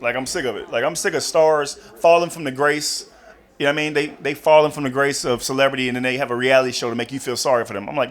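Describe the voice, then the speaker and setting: A young man doing a stand-up comedy set on a club stage, talking casually and jumping into loud high voices for the people in his stories. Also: quick pace. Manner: animated, jumps into loud high-pitched voices for characters.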